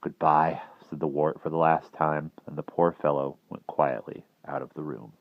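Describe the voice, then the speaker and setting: A man narrating a classic novel in an expressive storytelling manner. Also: very deep voice, normal speed, vocal fry, no room sound, muffled recording. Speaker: reader. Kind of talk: audiobook narration.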